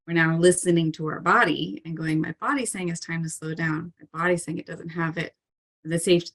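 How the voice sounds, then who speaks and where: A woman's voice: fairly low pitch, fairly bright tone. A woman talking as a parkour coach in a casual interview, earnest and chatty, with frequent "um" and "like" fillers and light laughs.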